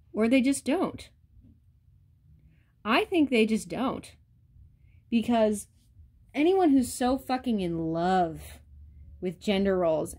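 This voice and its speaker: A woman vlogger with a mid-range, slightly mellow voice rants bluntly and profanely to the camera. She addresses her viewers directly in a casual rant.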